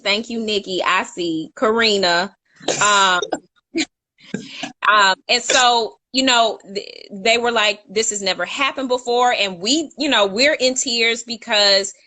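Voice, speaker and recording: A woman's voice: fairly high pitch, pushed and bright. Chatty woman telling a story. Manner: chatty, self-correcting, laughs at her own slips. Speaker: co-host. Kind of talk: casual storytelling chat.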